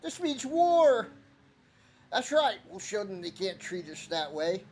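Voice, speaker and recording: A man voicing an old male cat-folk village elder in a video game, gruff and proud with a huffy, blustering manner. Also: high-pitched, lively intonation, moderate pace, a little hiss or hum, voice pushed up. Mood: indignant. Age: older.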